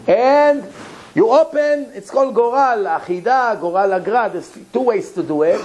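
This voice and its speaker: Animated storytelling rabbi, high voice. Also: male voice, slight background noise, low-quality recording. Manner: animated, acts out both sides of a dialogue; laughs between lines. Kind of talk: storytelling sermon.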